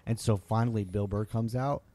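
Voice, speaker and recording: A man hosting a podcast, telling a story in a casual, animated way and acting out what people said. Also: fairly low pitch, a little fast. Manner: animated, acts out quoted voices, laughs often. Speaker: podcast host.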